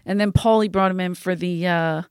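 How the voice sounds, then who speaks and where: A woman's voice: on the low side, fairly even intonation, a little fast, a little mellow, smooth, no echo, clean studio sound. A woman in casual chat, reacting with exclamations and telling her side of shared memories.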